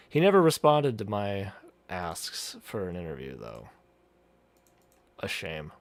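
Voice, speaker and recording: A man streamer talks over a video in loose, profane commentary, rambling and cutting himself off. His pitch swings widely as he talks. The sound is close and dry, with no room around it. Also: wildly swooping pitch, takes it slowly, no room sound. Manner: rambling, swearing, frequent restarts and laughter.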